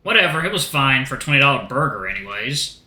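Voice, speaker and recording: A hot-headed male hyena snaps with harsh irritation, as a man puts him on. The tone is bright and lively, recorded in a roomy space with faint music. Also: mid-range voice, fast talker. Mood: grumbling.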